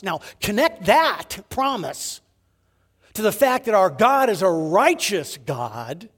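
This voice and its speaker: A man preaching a sermon, swinging between loud emphasis and hushed, near-whispered phrases, with rhetorical questions and repeated words. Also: high voice, in a large hall. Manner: animated preaching, rising to emphasis then dropping to near-whispers. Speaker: pastor.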